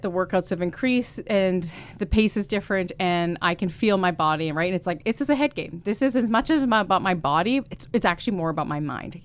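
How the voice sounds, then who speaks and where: A woman co-hosting a podcast, telling personal stories in a lively, emotionally open way. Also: lowish voice. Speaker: podcast co-host. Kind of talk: casual chat.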